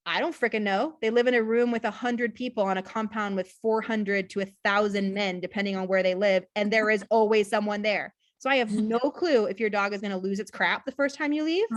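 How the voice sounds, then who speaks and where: A woman's voice: mid-range voice, no room sound. A woman running a casual live session for a prison dog-training adoption program over a video call, talking bluntly and chatting, often checking in with "okay?".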